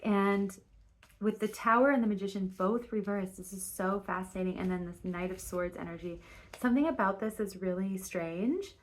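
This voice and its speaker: A woman's voice: medium pitch, moderate pace. A woman giving a casual spoken tarot reading, rambling and restarting her sentences, with frequent fillers and casual swearing. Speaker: tarot reader.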